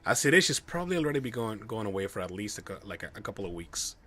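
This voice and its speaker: A man streaming a game live, commenting excitedly and swearing at bad luck. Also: lowish voice, racing. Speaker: gamer streaming a playthrough.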